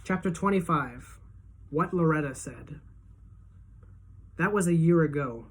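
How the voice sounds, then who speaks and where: A woman teacher reading a novel aloud to her class, giving the dialogue lively pitch and loudness shifts. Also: a little slow, husky. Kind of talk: audiobook-style read-aloud.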